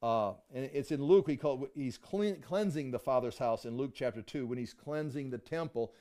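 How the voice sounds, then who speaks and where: A man's voice: medium pitch, normal speed, mellow. A man teaching a Bible study class, thinking aloud and restarting his sentences often as he explains a passage to the group.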